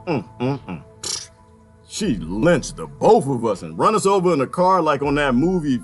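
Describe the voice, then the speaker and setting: A man doing a stand-up comedy routine, talking to the audience and acting out voices in an animated way. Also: mid-range voice, moderate pace, faint music behind. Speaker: stand-up comic.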